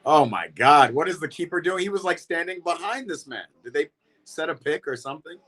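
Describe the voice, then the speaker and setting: A man's voice: on the high side, a little fast, sharp tone. A young man hosting a livestream watch party, reacting casually to the match and greeting viewers in chat. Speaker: livestream host. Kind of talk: football watch-party commentary.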